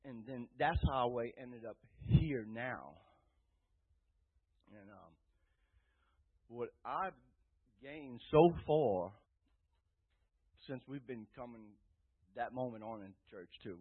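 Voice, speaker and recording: A man giving an earnest, rambling personal testimony to a church group, rising loud when he quotes himself, with a tinny phone-like sound. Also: mid-range voice, takes it slowly, long pauses, husky. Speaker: testimony speaker.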